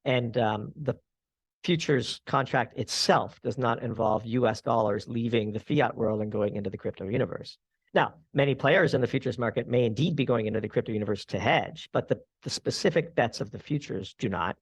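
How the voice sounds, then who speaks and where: Man, podcast guest, gravelly voice, analytical, long explanations, dry sound. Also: mid-range voice, fairly quick, dry recording. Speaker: guest commentator. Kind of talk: podcast interview answers.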